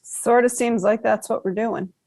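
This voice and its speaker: A woman's voice: on the high side, fairly even intonation, moderate pace, mellow. Thoughtful woman podcast host asking questions. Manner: thoughtful, asks probing questions with fillers. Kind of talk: casual interview chat.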